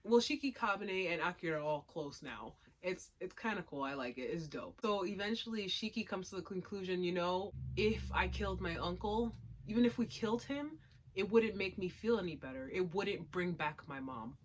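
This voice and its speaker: A woman hosting a casual spoken review, talking emphatically and moving from hushed remarks to loud outbursts. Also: fairly low pitch, expressive, moderate pace, slight background noise. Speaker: anime reviewer.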